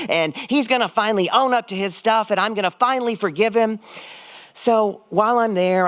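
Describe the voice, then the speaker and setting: A middle-aged man telling a personal story on stage, expressive and shooting his voice up when excited. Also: high-pitched, no room sound. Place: stage at a live event.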